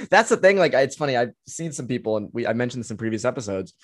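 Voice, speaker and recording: A man's voice: mid-range voice, big pitch swings, fast, no echo, studio quality. A man in his twenties hosting a sports podcast, chatting through team analysis in a loose, thinking-aloud way with plenty of filler words. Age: 20s. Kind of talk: casual hockey analysis chat.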